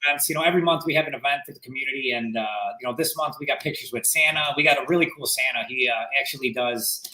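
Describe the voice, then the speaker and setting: A man's voice: medium pitch, racing, roomy sound, low-quality recording. A man telling a story in casual podcast chat, acting out what others said. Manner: animated storyteller acting out quotes. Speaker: real estate agent.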